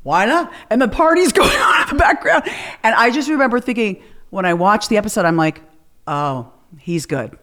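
A woman hosting a podcast, chatting casually and telling lively stories, acting out the people she quotes. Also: fairly high pitch, quick pace. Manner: animated storyteller, acts out quotes. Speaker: podcast host. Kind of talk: casual chat.

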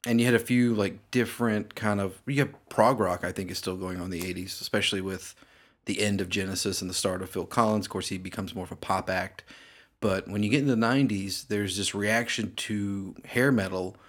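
A man's voice: on the low side, fairly even intonation, a little fast. A man hosting a casual music podcast chat, rambling with lots of "like" and "you know". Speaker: podcast host.

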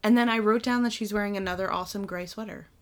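A woman's voice: mid-range voice, fairly even intonation, fast, clear, resonant tone. A woman in casual chat, gushing about a film and adding details to a friend's retelling.

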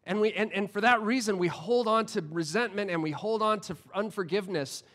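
A male pastor delivering a sermon with a voice a bit higher than most men's. He talks casually and with humor, stumbling over words and restarting often as he works through his points. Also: fairly quick, a bit bright. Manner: conversational and humorous, with frequent restarts and fillers.

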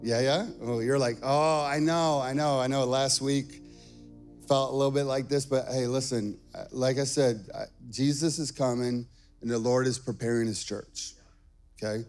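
A young adult male pastor preaching a sermon from a church stage. He tells family stories in an animated way and keeps checking in with "okay?". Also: mid-range voice, normal speed, soft background music. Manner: animated storytelling with frequent "okay?" asides.

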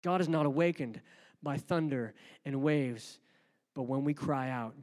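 A man's voice: mid-range voice, measured pace. Man preaching a sermon, echoing hall. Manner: builds from calm to loud, rising preaching. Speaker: pastor.

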